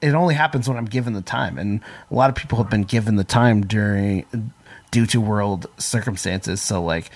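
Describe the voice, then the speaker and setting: A man in casual interview chat, halting and full of fillers, with a sarcastic streak. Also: fairly low pitch.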